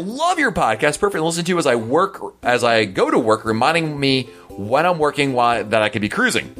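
Male podcast host, quick and rambling, casual chat, faint guitar underneath. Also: mid-range voice, fairly bright tone. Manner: chatty, rambling, answers listener emails.

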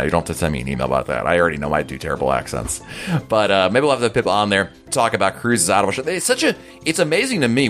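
A man's voice: lowish voice, fairly bright tone. A man hosting a podcast in a casual, chatty, rambling way as he answers listener emails. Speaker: podcast host.

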